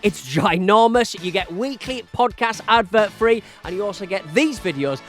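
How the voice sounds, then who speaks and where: A laid-back man co-hosts a podcast in a high, lively voice. He rambles casually with fillers and restarts. Faint music sits behind him. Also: moderate pace. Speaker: podcast co-host. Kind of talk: casual comedic chat.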